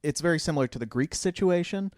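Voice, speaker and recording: A man's voice: a little high, fast, no echo, studio quality. Chatty giggly podcast co-host man. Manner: laughing, chatty, hesitant fillers. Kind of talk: casual chat.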